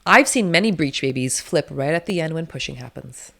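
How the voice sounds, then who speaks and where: Fast-talking, low-voiced woman. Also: animated, creaky, fairly bright tone. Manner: blunt, emphatic, swears freely; rapid, run-on storytelling. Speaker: doula, interview guest. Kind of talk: candid storytelling interview.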